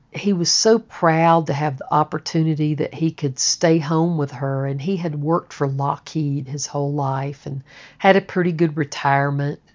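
A woman's voice: low-pitched, a little mellow. A woman telling a personal story in a candid, conversational way, with casual swearing. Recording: dull lo-fi recording.

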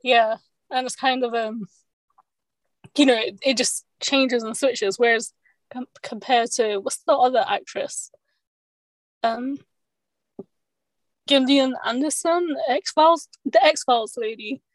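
A woman's voice: on the high side, takes it slowly, pauses often, no echo, rough recording. A woman chatting casually on a podcast, rambling with lots of fillers and restarts. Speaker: podcast co-host. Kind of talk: casual chat.

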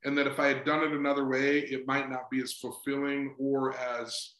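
A man's voice: mid-range voice, flat delivery, fast talker, fairly bright tone. A middle-aged man, a sports psychology consultant, talking earnestly in a casual interview and often adding "right?". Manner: earnest, repeats "right?" and "just". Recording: roomy echo.

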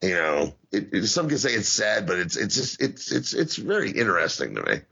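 Casual male podcast host, swears a lot, gravelly and animated, lo-fi sound. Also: on the low side, a little fast. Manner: profane, rambling, stammers and restarts. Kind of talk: casual chat. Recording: dull lo-fi audio.

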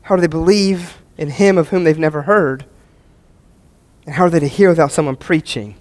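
At a brisk pace, a male pastor delivers an earnest sermon full of repeated key phrases, alternating emphatic climaxes with quiet, low moments.

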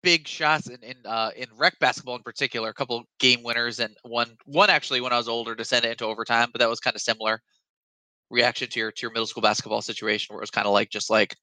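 Man, quick eager sports chat, bright voice, dry sound. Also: medium pitch, steady tone, no echo, poor audio. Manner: quick, eager, laughs often.

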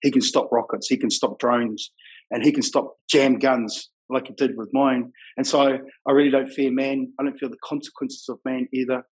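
Husky New Zealand man, frank and rough-edged. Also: medium pitch, little pitch movement, normal speed, rough recording. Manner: rough-edged, frank, says "bro" and "you know what I mean" often. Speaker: guest telling his life story. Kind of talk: casual storytelling.

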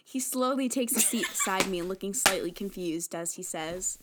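A woman's voice: mid-range voice, moderate pace, very noisy. A woman narrating fan fiction aloud to friends, giggling and commenting on the text as she goes.

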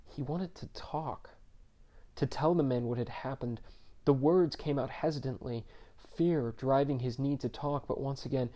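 Mellow-voiced male story narrator. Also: medium pitch. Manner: measured, subdued reading.

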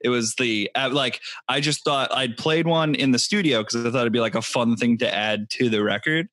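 A man's voice: mid-range voice, normal speed, a bit bright, no echo. A man in casual podcast chat who laughs easily and talks in an easy, chatty way. The sound is dry and close, with no room around it.

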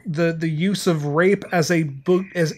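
A man's voice: fairly high pitch, steady tone, a little slow, darkish tone. A man co-hosts a podcast in loose, casual chat. He rambles and fills his sentences with filler words. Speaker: podcast co-host.

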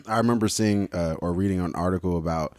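A man's voice: low voice, brisk, a little mellow, no echo. A man co-hosting a podcast, talking in laid-back, profane, joking banter. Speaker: podcast co-host.

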